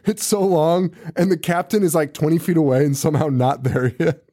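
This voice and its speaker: Fairly high-pitched and fairly quick, this man co-hosts a podcast where he chats casually about a horror movie. He's animated and profane, swearing a lot and laughing often throughout the relaxed movie-review conversation.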